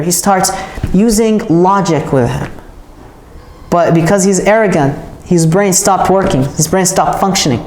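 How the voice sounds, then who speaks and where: A woman's voice: fairly low pitch, unhurried, darkish tone. A woman telling a religious story as a casual lesson, chatty and often checking in with her listeners. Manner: chatty, checks in with "all right?". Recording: roomy echo.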